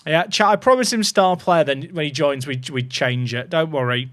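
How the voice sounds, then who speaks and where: A gaming YouTuber with a slightly high, somewhat bright voice talks at a normal pace, and the recording has no echo. He casually commentates on his football management game, chatty and full of joking asides for his viewers.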